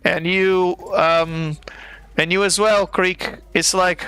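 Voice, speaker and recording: A man's voice: sits high, steady tone, slow pace, sharp tone, smooth. A man running a live-play tabletop game as game master, narrating scenes in a playful, theatrical way.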